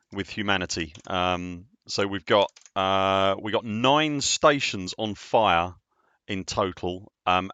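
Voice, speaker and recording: Excitable man streaming a game. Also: lowish voice, clean tone, no echo, dull audio. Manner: chatty and excitable, laughs often, self-deprecating. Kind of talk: casual live-stream chat.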